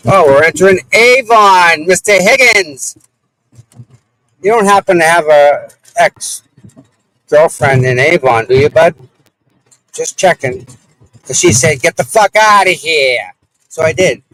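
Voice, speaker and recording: A man's voice: on the high side, a bit bright, rough recording. A man chatting live to his viewers from inside his car, rambling and grumbling at other drivers. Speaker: livestream host. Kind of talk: casual live-stream chat while driving.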